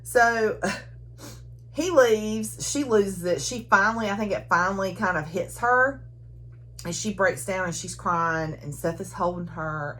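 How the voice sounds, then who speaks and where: A woman casually recapping a novel, chatty and quick to laugh. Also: mid-range voice, sharp tone, slight background noise. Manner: chatty, giggly, frequent laughter. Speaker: book reviewer.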